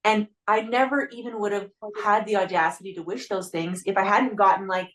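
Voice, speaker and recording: A woman hosting a casual podcast interview. She talks in a heartfelt, chatty way and peppers her sentences with "like". Her voice is middle-pitched and conversational. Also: a little fast, fairly bright tone. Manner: heartfelt, chatty, leans on "like" a lot. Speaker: podcast host.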